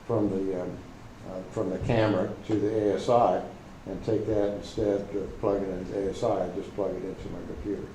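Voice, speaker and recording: In a roomy meeting hall with a faint hum, a man casually explains his telescope setup to fellow club members, hesitating with plenty of fillers and restarts. His deep, mellow voice stays level, a little fast with hardly any pauses.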